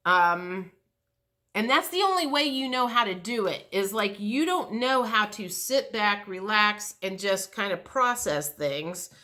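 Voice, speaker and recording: A woman's voice: mid-range voice, lively intonation, unhurried, sharp tone. A middle-aged woman giving a casual, rambling tarot reading, frank and swearing, with many restarts and fillers. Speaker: tarot reader.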